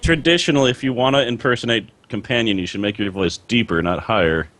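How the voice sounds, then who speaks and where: A man's voice: mid-range voice, fast, fairly bright tone, no echo. A man co-hosting a casual gaming podcast with a sarcastic, wry manner. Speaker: podcast co-host.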